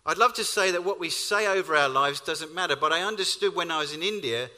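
A man preaches a sermon, his fairly high, bright voice lifting with emphasis on key lines. His storytelling rings out with the long reverb of a hall. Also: fast.

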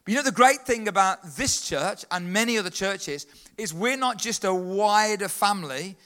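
A man leading a lively church talk, calling out to the congregation and getting them to answer back. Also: high-pitched, moderate pace, clear, resonant tone. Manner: upbeat, leads the congregation in call-and-response. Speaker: children's worker leading a church service.

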